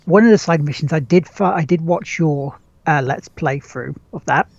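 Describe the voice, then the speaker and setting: A man's voice: fairly high pitch, moderate pace, creaky, a little mellow, slightly rough, no echo, highs cut off. A man hosting a podcast, chatting casually about games, rambling with lots of restarts, casual swearing and chuckles. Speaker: podcast host. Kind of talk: casual gaming chat.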